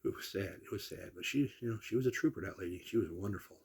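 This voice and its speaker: A man's voice: deep voice, fast. A man in his sixties telling salty family stories in a casual way, acting out the people he quotes. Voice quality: gravelly, husky voice. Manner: animated, salty storyteller who acts out the people he quotes. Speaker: storyteller. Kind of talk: casual personal storytelling.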